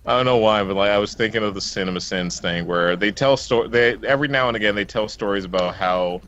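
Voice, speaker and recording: A man's voice: lowish voice, quick pace, fairly bright tone. Rambling, laughing man on a muffled stream. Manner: rambling storyteller, laughs often mid-sentence. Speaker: let's play co-host. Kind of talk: casual chat.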